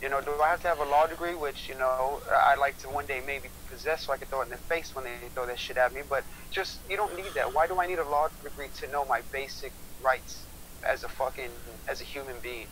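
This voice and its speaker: A man's voice: mid-range voice, fairly bright tone, a little hiss or hum, rough recording. A man telling a heated story on a casual livestream chat, swearing often and repeating himself. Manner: profane, heated, fast-talking.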